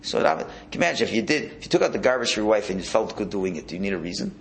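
Male religious teacher, gravelly, very expressive pitch, repeats himself while explaining. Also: rapid-fire, hardly any pauses, slight background noise. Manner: animated, repeats words, restarts phrases. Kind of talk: Hasidic Torah class.

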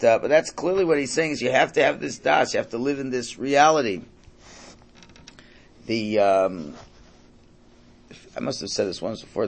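A man's voice: on the low side, a little hiss or hum. A man teaching a Torah class, telling Hasidic stories in a conversational way. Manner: storytelling, conversational, quotes characters.

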